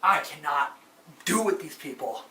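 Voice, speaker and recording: A man's voice: on the high side, animated, a little slow, far from the mic, very noisy, voice pushed down. A man voicing a cranky old man with a cane, whiny and indignant, in a roomy room away from the mic. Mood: grumbling.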